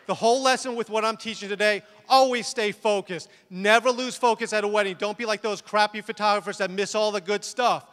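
Lively high-voiced man onstage in a big hall. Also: fairly quick, hardly any pauses. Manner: animated, acts out scenes, laughs at himself. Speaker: speaker at a photography conference. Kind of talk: comic storytelling talk. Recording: reverberant conference hall.

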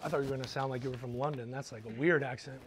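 A man performing a battle rap verse, brash and punchy, shouting key bars and repeating them. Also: mid-range voice, steady tone, very fast, a crowd in the background. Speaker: battle rapper.

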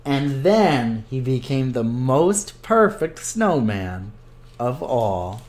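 A man hosts a children's story time and reads a picture book aloud with gentle expression. He moves through the story slowly and patiently, letting each line land. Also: mid-range voice, very animated.

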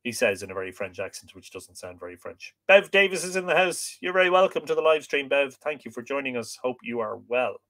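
Lively man reading aloud on a live stream. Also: mid-range voice, a little fast, few pauses. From Ireland. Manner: reads old text, breaks off to greet viewers and joke. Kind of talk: reading a book aloud with live chat asides.

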